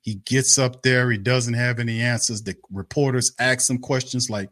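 A man's voice: medium pitch, fairly even intonation, moderate pace, few pauses, a bit bright, no room sound, clean studio sound. A man hosting a fan live stream, ranting in a heated, repetitive, cursing and scornful way. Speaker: sports fan show host. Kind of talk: angry live-stream rant.

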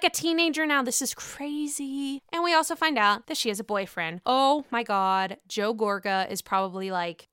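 A woman's voice: on the high side, clear, resonant tone, dry recording, studio quality. Sassy profane woman gossiping. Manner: sassy, profane, animated with gasps and exclamations. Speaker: podcast host recapping a reality show. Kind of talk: casual gossipy recap.

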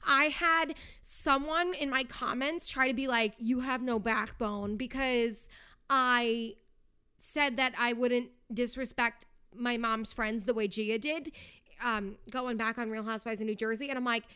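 A woman's voice: fairly high pitch, unhurried, bright, forceful tone, clear, resonant tone. A young woman hosting her own podcast, chatting casually in a sarcastic, tongue-in-cheek way. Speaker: podcast host. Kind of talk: casual solo podcast chat.

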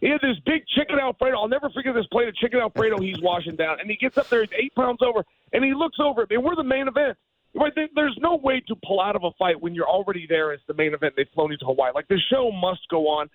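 Male guest, ex-fighter, high voice, rapid animated anecdotes. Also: no room sound, phone-quality sound. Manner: animated, emphatic storyteller. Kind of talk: podcast interview storytelling.

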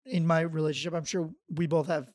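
A man's voice: a little high, steady tone, a little fast, a little mellow, dry recording, studio quality. A man from New York co-hosting a casual podcast, offhand and wry. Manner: wry, offhand hot takes. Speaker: podcast co-host. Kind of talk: casual chat.

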